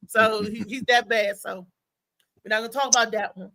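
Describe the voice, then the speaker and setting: A woman's voice: fairly high pitch, normal speed, gravelly. A woman hosting a live talk show, chatting casually and telling rambling stories with a lot of laughter. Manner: animated rambling storyteller, laughs often.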